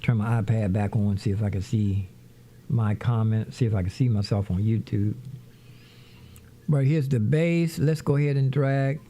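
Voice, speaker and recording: A middle-aged man chats his way through a livestream from a home studio, rambling and casual, calling out to viewers as he works. His voice is mellow and relaxed, without much edge. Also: on the low side, normal speed, slight background noise. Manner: rambling, talks to viewers as "y'all". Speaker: livestream host, musician. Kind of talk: casual livestream chat while setting up music software.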